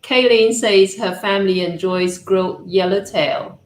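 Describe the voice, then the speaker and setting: A woman's voice: medium pitch, steady tone, unhurried. A woman hosting a live cooking stream, reading out viewer comments in an upbeat way and chatting with her guest. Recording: echoey room.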